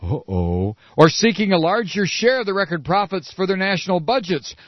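A man giving sarcastic political commentary while reading a news article, with mocking asides. He swings from shrill mock surprise to low muttering. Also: wildly swooping pitch, normal speed, few pauses, dry recording. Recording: dry, dull lo-fi audio.

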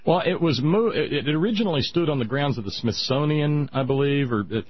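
A man on a radio talk show, talking in a casual, emphatic way that climbs into loud, insistent peaks. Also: a little high, animated, fairly quick, slightly rough. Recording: dry, dull radio audio.

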